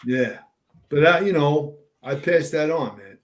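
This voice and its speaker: Older guest, fire captain, animated profane storyteller, a little high-pitched. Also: male voice, a little slow. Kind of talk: casual storytelling in an interview.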